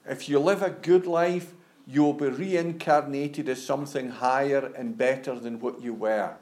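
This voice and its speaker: A man's voice: mid-range voice, fairly even intonation, measured pace, darkish tone. A male preacher giving a conversational sermon, often saying "you know" and stammering on restarts.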